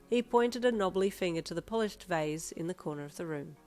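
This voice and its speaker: A woman narrating a second-person fanfiction story, with lively, expressive reading. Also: lowish voice, fairly quick, hardly any pauses, soft background music.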